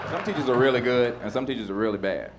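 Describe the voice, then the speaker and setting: A man doing stand-up, animated and mocking. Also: mid-range voice, quick pace, background noise. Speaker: stand-up comedian. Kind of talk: stand-up comedy.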